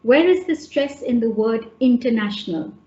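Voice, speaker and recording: Woman, webinar trainer, slightly high voice, hesitant explaining, roomy muffled call audio. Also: lively intonation, normal speed, warm tone. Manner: explanatory, hesitant with fillers and restarts. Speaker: teacher trainer. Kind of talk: online webinar lesson. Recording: echoey, dull webinar audio.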